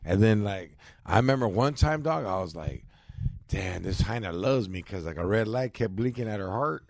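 A man's voice: lowish voice, lively intonation, normal speed, gravelly, darkish tone, no room sound, clean studio sound. A young man, bantering and joking in casual podcast chat and leaning on heavy street slang. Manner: joking, slangy, calls people dog and fool. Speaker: podcast co-host.

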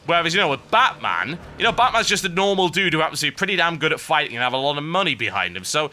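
A man's voice: on the high side, sing-song, fast, sharp tone, a little hiss or hum. A man giving rambling, sarcastic commentary while playing a video game. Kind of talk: let's play commentary. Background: game music.

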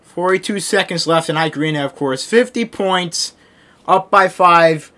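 A young man commentating his own basketball gameplay, ranting and yelling at his teammates and the game, overheated and sweating in a hot room. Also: high voice, measured pace. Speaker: gaming video creator.

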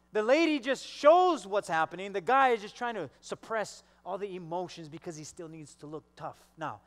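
High-voiced preacher in a reverberant hall. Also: male voice. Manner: storytelling, acts out quoted voices. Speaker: pastor. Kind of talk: sermon.

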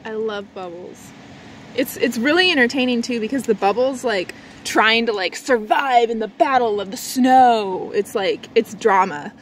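A woman vlogger chats casually at a measured pace, rambling with lots of "likes" and restarts. Her voice swings between a low, lazy register and a bright, high one, with a little hiss or hum in the background.

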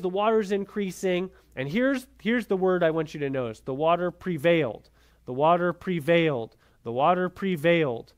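A man teaching a church Bible class in a conversational way, often checking in with his listeners. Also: on the high side. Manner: conversational, frequent "right?" checks.

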